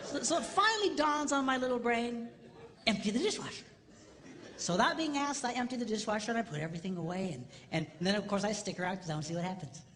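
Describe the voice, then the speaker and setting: With a very high voice, he races along with hardly any pauses while some chatter goes on behind him. The middle-aged man's comedic marriage seminar talk is packed with animated stories, mock voices, jokes and punchlines, set in long hall reverb with faint noise.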